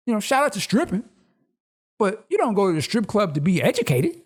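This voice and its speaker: A man co-hosting a podcast who rants in a lively, animated way and often breaks into laughter in casual chat. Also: sits high, brisk, slightly rough. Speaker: podcast co-host.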